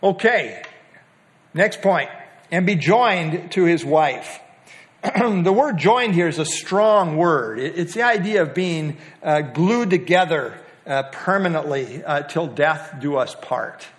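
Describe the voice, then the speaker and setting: An older man giving a casual Bible teaching on a passage, talking in a folksy, halting way with light humor and frequent pauses to restart his sentences. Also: on the high side, lively intonation.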